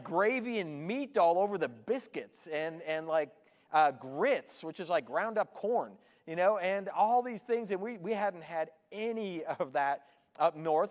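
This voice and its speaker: High-voiced Canadian pastor, joking sermon. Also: male voice, big-room sound. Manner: chatty, joking with the congregation. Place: church sanctuary.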